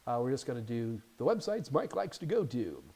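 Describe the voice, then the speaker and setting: A man hosting a casual live Q&A stream as an IT certification instructor, chatty and animated, with jokey asides. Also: mid-range voice, a little fast, a little hiss or hum.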